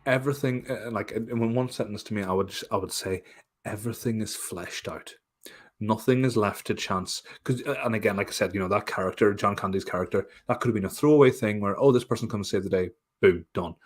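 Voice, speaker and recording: A man co-hosting a film podcast in casual chat, animated, laughing often and swearing casually. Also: on the low side, brisk, husky. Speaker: podcast co-host.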